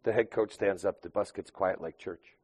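A man preaching a sermon in a conversational way, rising to loud emphatic bursts and dropping to quiet asides. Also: deep voice, fairly even intonation, moderate pace, slightly rough. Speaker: pastor.

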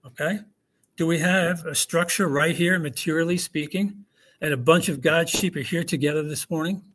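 Male pastor, slightly high voice, conversational sermon with rhetorical questions. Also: moderate pace, fairly bright tone. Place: church hall with congregation.

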